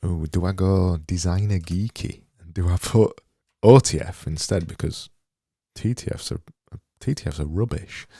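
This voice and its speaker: A man with a deep, mellow voice narrates his own design work in a casual, half-muttered inner monologue. He talks slowly and pokes fun at himself as he goes. The sound is close and dry, with no room around it. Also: slightly rough, dry recording. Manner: thinking aloud, muttering, self-deprecating. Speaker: graphic designer making visuals. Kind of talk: casual screen-recorded work commentary.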